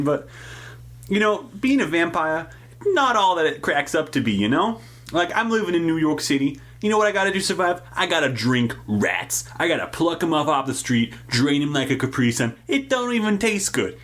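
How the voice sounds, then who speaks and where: A man's voice: medium pitch, a bit bright, voice pushed down. A man playing a jaded, foul-mouthed vampire who works at a grocery store, rambling through complaints in improvised comedy storytelling. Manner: rambling, swearing, shrugging complaints.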